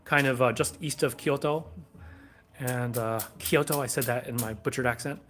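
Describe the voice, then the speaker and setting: His voice is medium in pitch and fairly quick. Hosting a sword shop stream out of a back room, he keeps things laid-back and meandering, responding to viewers' chat questions.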